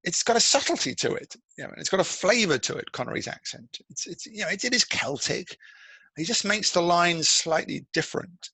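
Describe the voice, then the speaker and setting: Gravelly, husky-voiced film critic. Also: male voice, high voice, fairly quick, no room sound, poor audio. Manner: animated, digressive, many restarts. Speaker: film journalist and critic, guest. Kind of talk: podcast interview.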